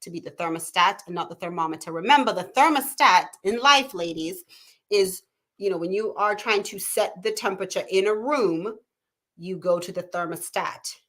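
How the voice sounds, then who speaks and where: A woman's voice: on the low side, normal speed, a bit bright. A woman in her thirties hosting a live talk show from home, chatting casually and reading viewers' comments aloud. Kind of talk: live-stream casual chat.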